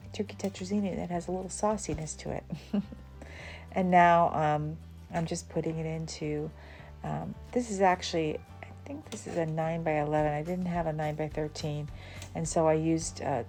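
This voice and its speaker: Mellow-voiced woman hosting a cooking video. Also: low-pitched, normal speed, faint music behind. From Southern United States. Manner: relaxed and chatty, with fillers and small laughs. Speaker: cooking channel host. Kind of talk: casual cooking demonstration voice-over.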